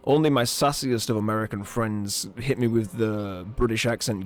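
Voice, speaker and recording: A man's voice: on the low side, normal speed, few pauses, faint music behind. A man live-streaming a game, commenting in a playful, joking way.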